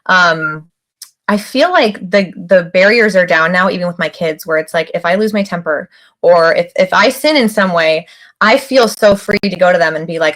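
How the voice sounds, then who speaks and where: A woman's voice: fairly low pitch, moderate pace, fairly bright tone. A woman guest on a podcast, an author, telling her story candidly and acting out quoted voices. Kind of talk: casual interview chat.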